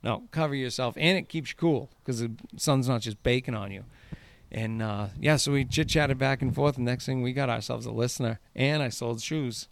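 A man's voice: mid-range voice, moderate pace, vocal fry. A man hosting a podcast, telling stories in a casual chat, laughing and swearing freely. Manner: laughing, profane storyteller. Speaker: podcast host.

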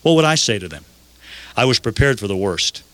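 A man's voice: fairly low pitch, big pitch swings, fairly bright tone, no echo. Older man telling a story. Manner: earnest, measured retelling. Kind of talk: first-person story narration.

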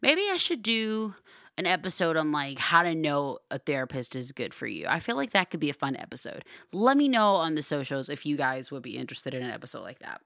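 A young woman hosting her podcast in casual solo talk, chatty and playful, now and then loud and excited. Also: low-pitched, fairly quick, vocal fry, dry recording. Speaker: podcast host.

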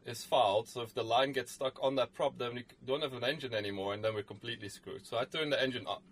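A man's voice: medium pitch, fast talker, fairly bright tone, slight background noise. Rambling man telling a sailing story. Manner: rambling, many fillers and restarts. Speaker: podcast co-host. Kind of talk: casual storytelling chat.

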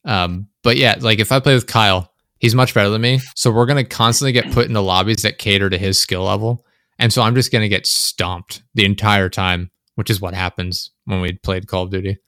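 Young guy ranting into a close mic, lowish voice, lots of likes and swearing, dead dry sound. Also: a little fast, no room sound. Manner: animated, swearing, rambling with many fillers. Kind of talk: casual chat. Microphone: close desk microphone.

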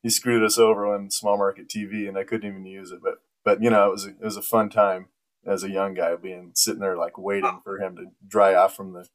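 A man's voice: sits low, brisk. A man in his forties in casual conversation, telling stories with frequent laughs. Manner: animated storyteller, laughs often. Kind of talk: casual chat.

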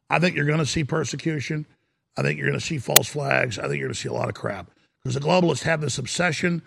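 A man's voice: a little high, gravelly, a bit bright, breathy edge. A middle-aged man hosting a political talk show, ranting emphatically and calling his listeners folks.

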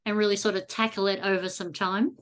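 A woman hosting a casual chat, friendly and quick to laugh as she gives advice. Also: mid-range voice, little pitch movement.

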